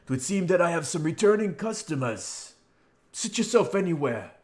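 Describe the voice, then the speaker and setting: A guy doing a booming, cheery innkeeper who greets everyone loud and friendly, pitched up high above his normal low voice. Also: big pitch swings, moderate pace. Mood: jovial. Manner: loud, hearty, hospitable. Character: jovial welcoming male innkeeper.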